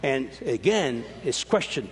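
A man's voice: very animated, measured pace, husky, big-room sound. A man preaching a sermon as pastor, swinging his voice up and down as he explains scripture. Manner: preaching with sweeping rises and drops in pitch.

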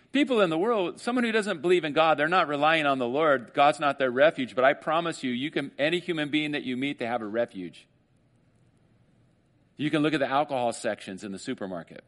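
A man preaches a sermon in a loose, conversational way, reading verses slowly and then riffing on them. He throws joking asides to the congregation and acts out inner voices in higher tones. His voice sits at a middling pitch. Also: lively intonation, a bit bright. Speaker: pastor.

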